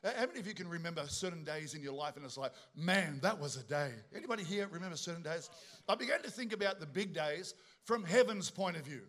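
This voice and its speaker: A man's voice: high-pitched, fast. A middle-aged man preaching a sermon, telling jokey stories and bantering with the congregation. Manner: animated, joking storyteller with asides to the congregation. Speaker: pastor.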